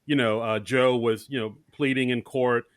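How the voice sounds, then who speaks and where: A man's voice: mid-range voice, steady tone, normal speed, no echo, studio quality. A man co-hosting a podcast, casually recapping a movie and jokingly acting out lines from it. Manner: jokey, acts out characters' lines. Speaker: podcast co-host.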